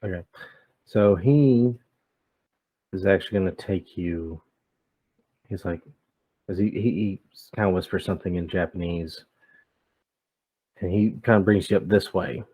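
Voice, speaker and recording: A man's voice: low-pitched, unhurried, pauses often, breathy edge, no room sound, highs cut off. A man narrating as game master of a tabletop game, talking in a hesitant way with many fillers.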